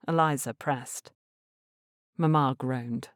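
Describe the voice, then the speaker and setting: A woman narrating a romance novel in a measured, expressive way. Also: low-pitched, dry recording, clean studio sound. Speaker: audiobook narrator. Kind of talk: scripted narration.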